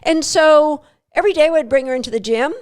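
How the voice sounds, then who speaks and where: A woman's voice: sits high, quick pace. A middle-aged woman hosting a dog training podcast, telling a personal story to her listeners in an earnest, emphatic way. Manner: earnest, emphatic, repeats words for stress.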